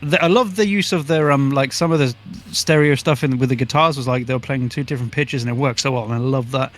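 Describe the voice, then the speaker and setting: A man's voice: mid-range voice, fast. Jokey, laughing male podcast co-host. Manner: jokey, laughs often, crude humor. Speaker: album review co-host. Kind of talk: casual podcast chat.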